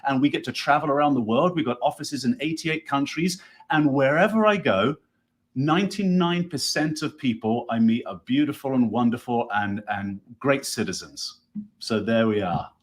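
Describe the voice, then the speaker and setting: A man's voice: mid-range voice, normal speed. A man with a New Jersey accent hosting a live online interview, talking in an effusive, enthusiastic, rambling way. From United States. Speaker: host.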